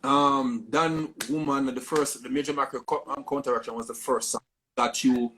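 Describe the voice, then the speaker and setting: A man hosts a casual interview. He asks his questions haltingly, with fillers and restarts, and his voice sits at a mid pitch. A faint noise hums behind him. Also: steady tone, fairly bright tone. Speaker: interviewer, host.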